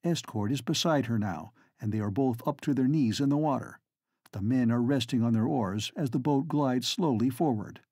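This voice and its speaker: Husky male audiobook narrator. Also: mid-range voice, mellow, no room sound, studio quality. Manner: measured, dramatic storytelling. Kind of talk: scripted narration.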